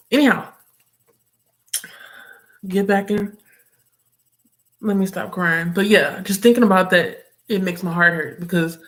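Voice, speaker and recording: Woman host, casual home stream, chatty and animated, wanders off topic, reads out viewer comments. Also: fairly low pitch. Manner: expressive, laughs often. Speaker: livestream host of a reading session.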